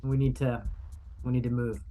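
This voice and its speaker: A man's voice: medium pitch, flat delivery, normal speed, warm tone, soft background music, close to an everyday voice. A man voicing an earnest male primate resistance fighter, speaking with some hesitation.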